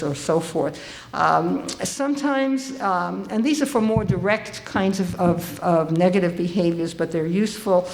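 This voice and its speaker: An older woman giving a conference talk to an audience, speaking in a lively, conversational way with frequent ums and restarts. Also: fairly low pitch, measured pace. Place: conference hall.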